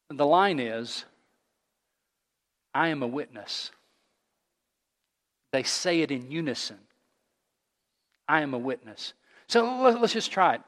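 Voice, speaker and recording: Man preaching in a reverberant hall. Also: a little high. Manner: earnest preaching, rising to loud call-and-response. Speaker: pastor. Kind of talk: sermon. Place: church sanctuary.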